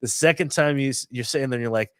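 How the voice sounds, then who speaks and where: A young adult man co-hosting a casual podcast chat, rambling and animated as he retells scenes. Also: mid-range voice, very fast, clean tone, no echo, clean studio sound. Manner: rambling, animated retelling with loud acted-out quotes. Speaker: podcast co-host.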